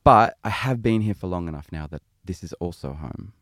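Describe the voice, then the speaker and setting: Deep-voiced man with a mild Australian accent. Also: animated, brisk, fairly bright tone, no room sound, studio quality. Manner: rambling, lots of fillers and restarts. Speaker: podcast guest, singer-songwriter. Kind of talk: casual interview chat.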